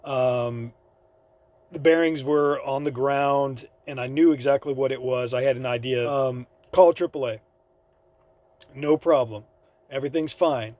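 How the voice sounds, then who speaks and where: A man's voice: medium pitch, steady tone, unhurried, darkish tone, no echo. Laid-back man telling a roadside story. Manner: rambling, laid-back storytelling with fillers and quoted dialogue. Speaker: vlogger. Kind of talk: casual storytelling to camera. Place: by his van on the side of the road.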